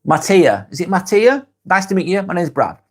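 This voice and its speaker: A man's voice: high voice, big pitch swings, moderate pace. A man with a Lancashire accent, hosting a casual live stream, reading out viewer comments and answering them frankly, swearing often. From England. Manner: frank, swears freely, muses aloud.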